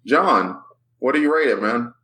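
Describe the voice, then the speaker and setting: A man's voice: medium pitch, animated, a little slow, sharp tone. A man hosting a casual comic-book podcast chat, laid-back and joking with his co-hosts. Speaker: podcast host.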